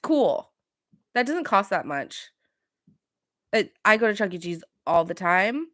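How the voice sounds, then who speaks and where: A woman's voice: medium pitch, big pitch swings, a little slow, a bit bright, no echo, studio quality. A young adult woman hosting a casual podcast, recapping reality TV in a chatty, gossipy way with sarcastic asides. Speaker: podcast host.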